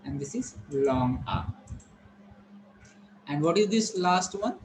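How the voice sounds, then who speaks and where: A man teaching vowel sounds, saying each example word slowly and repeating it. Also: on the high side, expressive, noisy background. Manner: slow, repetitive, modelling each word carefully. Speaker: English pronunciation teacher. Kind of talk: classroom lesson on vowel sounds.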